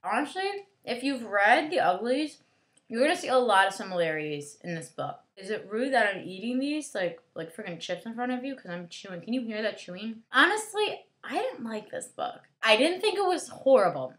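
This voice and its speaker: A woman's voice: medium pitch, very animated, a little fast. Sarcastic rambling young woman reviewer. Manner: rambling and sarcastic, full of "like" fillers. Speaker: book reviewer. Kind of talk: casual vlog book review.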